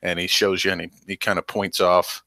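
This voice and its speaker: A man's voice: low voice, little pitch movement, brisk, creaky, pushed and bright, dry recording. A man narrating a tabletop game as game master, loose and rambling with lots of ums.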